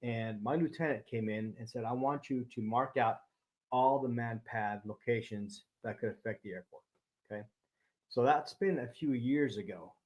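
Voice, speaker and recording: A man's voice: medium pitch, moderate pace, darkish tone, rough recording. A man, a former police intelligence officer, explaining in casual chat and tagging points with "right?". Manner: explains steadily, tags lines with "right?".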